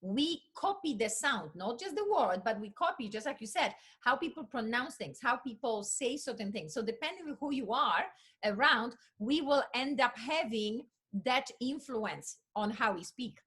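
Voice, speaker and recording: An immigrant woman from Poland hosts a lively video-call conversation. Her voice sits high and bright, with a husky, breathy edge. She agrees eagerly and repeats herself often. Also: moderate pace. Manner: enthusiastic, repeats agreeing words. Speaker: host.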